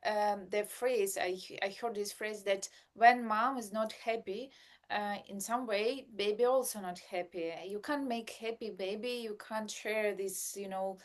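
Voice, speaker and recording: A woman, a mother of a baby, talking in a casual podcast chat, hesitating and searching for simple words as she speaks. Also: mid-range voice.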